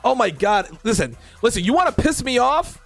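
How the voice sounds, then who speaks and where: A man's voice: very high-pitched, sing-song, fairly quick, vocal fry, soft background music. A man hosting a dating commentary show, ranting in exasperation at viewer comments with profane sarcasm.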